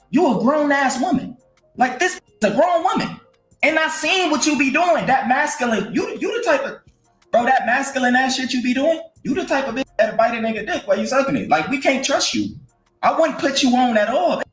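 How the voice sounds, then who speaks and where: A high, lively-voiced man scolds someone bluntly in street slang. He sounds as if he is in an echoey room, with faint music underneath. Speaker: online commentator. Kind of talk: blunt commentary.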